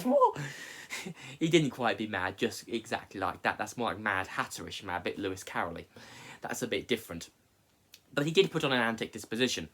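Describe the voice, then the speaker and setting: A man walks through a story in a relaxed, conversational way. His delivery is casual, with frequent joking asides. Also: mid-range voice. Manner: chatty, jokey asides. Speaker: teacher. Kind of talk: casual explainer.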